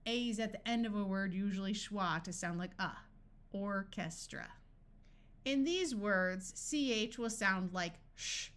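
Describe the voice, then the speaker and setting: A woman reading a scripted phonics lesson, sounding out words slowly and deliberately. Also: medium pitch, fairly bright tone, clear, resonant tone. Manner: slow, deliberate word-by-word reading. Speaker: phonics tutor.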